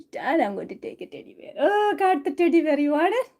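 Woman host, high mellow voice, affectionate live-stream chat. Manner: doting, affectionate, laughing often. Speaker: cooking channel host. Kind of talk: casual live stream chat to her cat.

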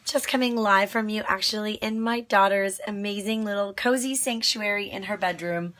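A woman with a naturally raspy voice, made hoarse by a cold, chatting upbeat on a casual live video from a small cozy nook in a bedroom. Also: medium pitch, steady tone, moderate pace, fairly bright tone. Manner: chatty and upbeat, with many fillers. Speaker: fitness coach and radio show host.

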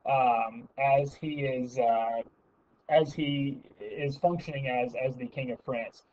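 A man's voice: medium pitch, dull audio. A man giving a casual spoken history lecture, talking conversationally with frequent fillers and restarts.

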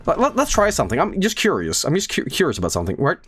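A man's voice: on the high side, very fast, slightly rough. A man in his thirties giving casual, jokey commentary while streaming a horror game. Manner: animated, jokey, breaks into silly sung bits.

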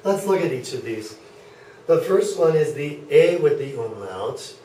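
A man's voice: a little high, lively intonation, unhurried, dark tone, slight background noise. A man teaching a German class, patiently explaining and checking in with students as he goes. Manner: patient, checks in with frequent okays. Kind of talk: classroom lecture. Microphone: far camera. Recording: echoey classroom from far off.

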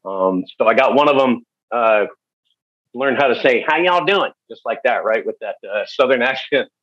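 A man speaking as a podcast guest, telling stories in a candid, halting way with many fillers. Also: medium pitch, a bit bright, husky, no echo. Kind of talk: storytelling interview. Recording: dull, dry lo-fi recording.

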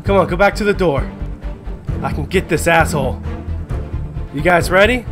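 Excitable high-voiced man commentating gameplay. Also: moderate pace, over music. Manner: excitable, swears, yells in surprise. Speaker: gaming commentator.

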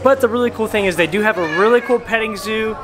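A woman's voice: a little high, quick pace, over music, rough recording. A woman filming a casual family vlog outdoors at a farm, upbeat and playful as she points out the animals. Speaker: family vlogger. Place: outdoors at a farm petting zoo.

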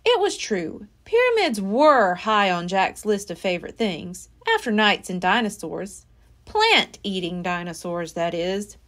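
A woman's voice: medium pitch, big pitch swings, a little slow, a bit bright. A woman library storyteller reading a children's chapter book aloud with expression. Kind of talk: children's read-aloud narration.

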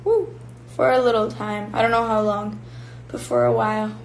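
A woman's voice: medium pitch, flat delivery, a little fast, a little hiss or hum, low-quality recording. A young woman from Finland, casually chatting with fans on a live stream and answering their comments while she eats. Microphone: phone or built-in mic.

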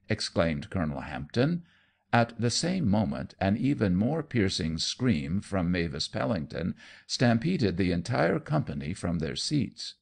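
A man reading a short story aloud as an audiobook narrator, measured and expressive. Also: low-pitched, gravelly. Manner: measured, expressive reading that voices every character.

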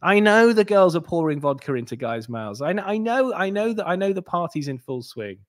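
A man hosting a crypto channel, talking straight to his viewers in a rambling, animated way, with many restarts and asides. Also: high voice, brisk. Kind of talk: casual monologue to viewers.

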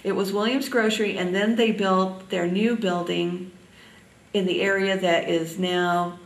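An older woman from Indiana reminiscing in an oral history interview, halting often with ums. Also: medium pitch, fairly even intonation, reverberant, far from the mic, poor audio.

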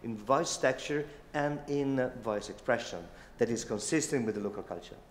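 A man whose first language is Italian answers judges' questions in a halting way, restarting his phrases. His voice has a mid pitch and rings through a large hotel hall with a long reverb tail. A faint hum of room ambience sits behind him. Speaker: pitching innovator. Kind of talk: stage Q&A answers.

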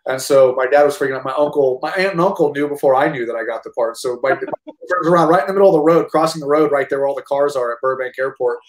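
A man in his thirties tells stories quickly and animatedly, tripping over his own words and dropping the odd swear word. His voice carries a noticeable room echo, like he is sitting in an untreated space, and he moves along briskly. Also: medium pitch. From United States. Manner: animated, rambling with many restarts and casual swearing. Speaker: actor and army veteran, guest. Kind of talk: casual storytelling interview. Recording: roomy echo.

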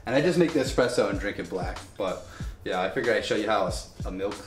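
A man's voice: fairly low pitch, lively intonation, fast. Chatty man in an echoey room. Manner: chatty, rambling, joking asides. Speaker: home coffee vlogger. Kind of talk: casual product demo. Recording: echoey room with faint music.

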